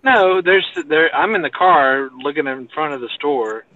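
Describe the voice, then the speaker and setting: A man's voice: fairly high pitch, expressive, normal speed, narrow, tinny audio. A man from Texas with a Texan accent, chatting casually from a parked car, rambling with lots of fillers. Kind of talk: casual chat.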